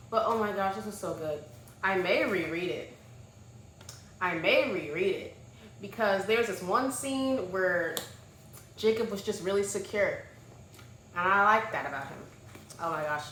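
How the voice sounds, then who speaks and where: A young woman reviewing books in a casual chat, gushing and animated, dropping to soft murmurs and rising to loud exclamations. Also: medium pitch. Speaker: book vlogger. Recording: echoey room with faint noise.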